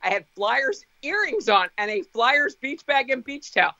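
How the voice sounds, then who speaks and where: A woman's voice: high voice, very animated, normal speed, pushed and bright, no echo, highs cut off. A young woman co-hosting a casual podcast, blunt and sweary, laughing often. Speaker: podcast co-host.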